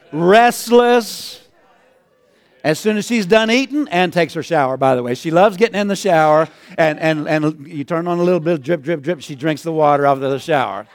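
Male pastor, high voice, chuckly sermon delivery, calls for amens. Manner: chuckling, call-and-response.

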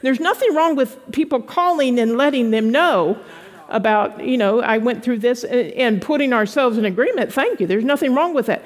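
A woman pastor preaching an animated sermon to a congregation, slipping into playful voices for quoted people. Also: a little high, moderate pace, long reverb tail. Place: church sanctuary with congregation.

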